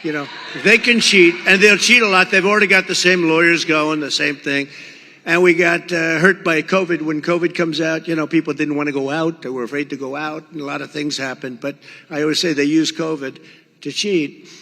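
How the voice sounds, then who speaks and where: A man's voice: fairly high pitch, steady tone, a little fast, pushed and bright, big-room sound. An older man giving a rambling, boastful rally speech, acting out quoted exchanges. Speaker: political speaker at a rally. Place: large rally venue.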